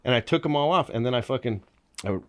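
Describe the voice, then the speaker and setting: Animated, lively-voiced man telling crude stories. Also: mid-range voice, fast, slight background noise. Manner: animated, profane, laughing through anecdotes. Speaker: podcast guest, band member. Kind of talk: casual storytelling.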